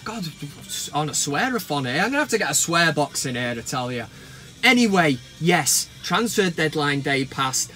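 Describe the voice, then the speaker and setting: A man's voice: high voice, sharp tone. A man hosting his own football vlog, ranting casually to camera in a blunt, sarcastic and sweary way.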